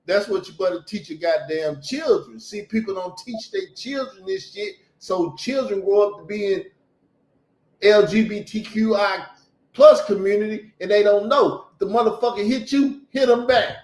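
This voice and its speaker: A man's voice: high-pitched, moderate pace, a little mellow, roomy sound. A man, hosting a casual talk and telling stories in a blunt, profane way. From Southern United States. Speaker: host. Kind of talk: casual chat.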